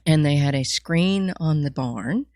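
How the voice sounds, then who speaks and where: A woman's voice: sits low, expressive, unhurried, mellow, dry recording. A middle-aged woman from Alabama with a Southern accent, a guest telling stories with dry wit in a casual chat. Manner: dry witty storyteller. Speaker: podcast guest.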